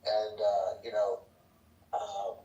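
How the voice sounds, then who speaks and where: A man's voice: lowish voice, monotone, takes it slowly, warm tone, roomy sound, distant mic, dull audio, soft background music. A man in a political podcast discussion, blunt and profane.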